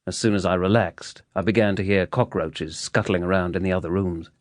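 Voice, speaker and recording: A male audiobook narrator reads a first-person novel with measured, steady storytelling. His voice sits fairly low, and the recording is close and dry with no room sound. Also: dry recording.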